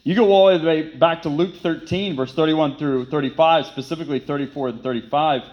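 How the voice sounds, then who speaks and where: A man's voice: a little high, a little fast, lo-fi sound. A man preaching a sermon, emphatic and repetitive, who poses rhetorical questions and then answers them. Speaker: pastor.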